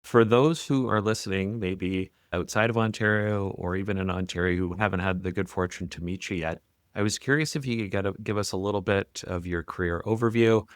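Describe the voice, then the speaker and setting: Casting: Canadian man, podcast host, lowish voice, dry close-mic sound, lively storyteller. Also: fairly quick, dry recording. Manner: enthusiastic storyteller, animated when retelling. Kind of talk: conversational interview.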